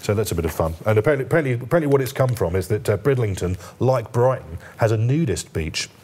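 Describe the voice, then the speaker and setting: A man's voice: lowish voice, animated, quick pace, a little mellow, breathy edge. A male journalist guest on a TV newspaper review, talking in stops and starts with a light joking tone. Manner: hesitant, many fillers and restarts, lightly joking. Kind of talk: studio discussion.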